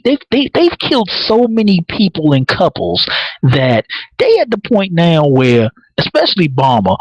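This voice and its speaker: A man hosting a live podcast, recapping a TV episode in casual, profane, excitable talk and laughing often. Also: a little high, no room sound, poor audio. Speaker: podcast host.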